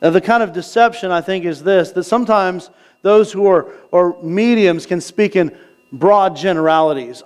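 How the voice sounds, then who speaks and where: Guy preaching in a church, kinda high voice, talks casual, slows way down for bible verses. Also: clean tone. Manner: conversational preaching, asks the crowd "right?"; reads scripture slowly. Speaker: pastor. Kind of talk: sermon. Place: church sanctuary.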